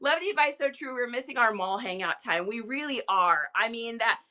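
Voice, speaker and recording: Her voice runs on the high side, animated, brisk, bright and forceful, as this middle-aged woman hosts a live reselling stream. She chats casually with plenty of energy and keen tangents.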